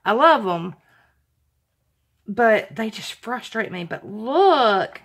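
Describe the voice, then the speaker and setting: A woman's voice: on the high side, big pitch swings, slow pace, pauses often. Giddy woman gushing over crafts. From Alabama. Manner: gushing, giddy, laughs often, apologetic. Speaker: craft vlogger. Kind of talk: unboxing vlog chat.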